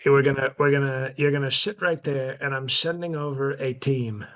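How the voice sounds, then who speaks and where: A man's voice: mid-range voice, normal speed, natural voice. A man doing a rambling, boastful old president. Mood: smug. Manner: rambling, boastful, deadpan, with self-interruptions. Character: brash, boastful elderly male president. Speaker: podcast host in character. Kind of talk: improvised comedy podcast.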